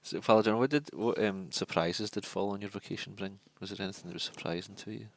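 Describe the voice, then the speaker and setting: A man interviewing a priest on a podcast, asking his questions in a hesitant, halting way. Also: on the low side, gravelly, no room sound.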